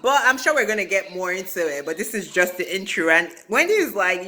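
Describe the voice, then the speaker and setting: A woman's voice: on the low side, sing-song, a little fast, hardly any pauses, bright, forceful tone. A woman recapping a reality TV reunion in a casual, gossipy vlog, with chatty asides. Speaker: reality TV commentator.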